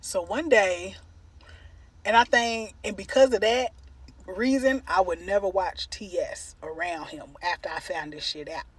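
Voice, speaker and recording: A woman vlogger tells a casual storytime as she eats on camera. Her delivery is animated, profane and full of slang, and she is quick to break into a loud cackle. Her voice sits at a middling pitch. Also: husky, no echo.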